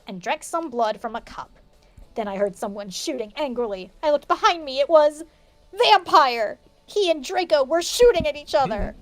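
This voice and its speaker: A woman's voice: high voice, animated, normal speed. A woman co-hosting a stream, reading a fanfic aloud with big mock-dramatic voices and laughing asides.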